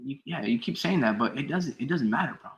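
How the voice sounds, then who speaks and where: Speaking quickly and expressively in a medium pitch, a man commentates boxing on a stream with plenty of profanity. He reads out chat messages and fires back heatedly, arguing with them. The audio is dull, with slight background noise.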